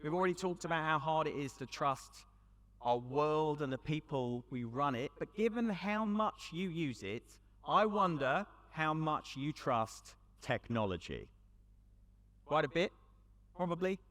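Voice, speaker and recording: A man with a British accent giving a storytelling talk to a young audience at an event, conversational with dramatic pauses. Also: on the high side, expressive, fairly bright tone. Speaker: youth event speaker. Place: large hall with audience. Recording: long hall reverb.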